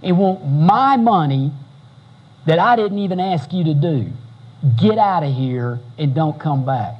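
A man's voice: on the high side, animated, unhurried, highs cut off, pitched below the performer's own voice. A pastor putting on a sneering rich man. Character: scornful rich man sending visitors off. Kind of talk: sermon storytelling.

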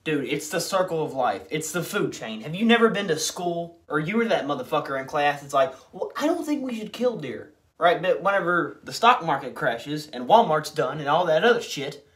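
A man's voice: fairly high pitch, animated, fairly quick, fairly bright tone. A man ranting in a brash, sarcastic and profane comedic style. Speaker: comedy commentator. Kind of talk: comedic rant.

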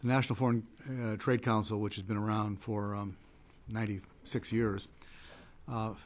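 A man giving conference panel remarks as a trade policy advocate, measured and hesitant with many fillers and restarts. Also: on the low side, level tone.

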